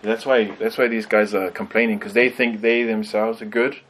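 A man teaching a conversational Bible study, thoughtful and pausing with frequent ums. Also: lowish voice, level tone, fairly bright tone, slight background noise, poor audio.

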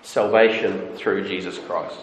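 A man preaching an expository sermon in an earnest, emphatic way, with dramatic pauses. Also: deep voice, steady tone, a little hiss or hum. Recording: echoey hall with long reverb.

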